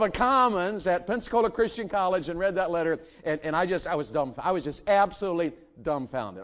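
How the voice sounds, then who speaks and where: A man's voice: sits high, lively intonation, brisk, few pauses, fairly bright tone. A middle-aged man, preaching a sermon and firing rhetorical questions at his congregation. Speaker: pastor.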